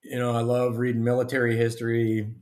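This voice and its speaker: A middle-aged man, a guest author and retired army officer, telling stories in a lively, casual way. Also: mid-range voice, brisk. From United States. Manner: animated storyteller, acts out dialogue. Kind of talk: casual storytelling interview. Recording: roomy echo.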